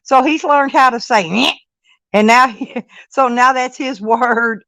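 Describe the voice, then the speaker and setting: An older woman talking on a casual vlog, slipping into high sing-song baby talk for a grandchild. She laughs often and repeats herself. The sound is dry and close. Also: steady tone, measured pace, a bit bright, no echo, low-quality recording. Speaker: vlogger and grandmother. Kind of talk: casual live-stream chat.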